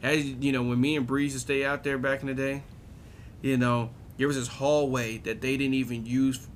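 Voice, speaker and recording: A man's voice: mid-range voice, level tone, fairly quick, slight background noise. A man in casual chat with friends, telling a story with lots of laughter.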